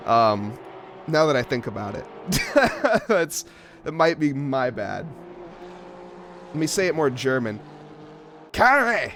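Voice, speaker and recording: A man's voice: medium pitch, slight background noise. A man commentating a live sim racing event, joking about himself and laughing often. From English-speaking. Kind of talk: live esports race commentary.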